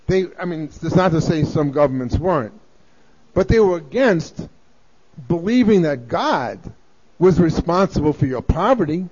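A man with a notably high voice delivers a storytelling lecture, rattling quickly through lists of contrasts. The recording is dull and lo-fi, played over the radio. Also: darkish tone. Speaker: speaker giving a political talk.

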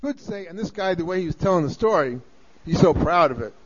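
High-voiced man lecturing on a lo-fi recording. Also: animated, a little fast. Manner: storytelling, speeds up through lists. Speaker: speaker giving a political talk. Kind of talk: recorded lecture played on air. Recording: dull lo-fi recording played on radio.

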